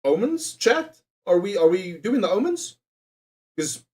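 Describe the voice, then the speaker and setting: A man's voice: high-pitched, sing-song, unhurried, long pauses, husky. A young man chatting casually on a livestream, swearing and joking as he reads out quiz options. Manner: profane, jokey, reads quiz options aloud.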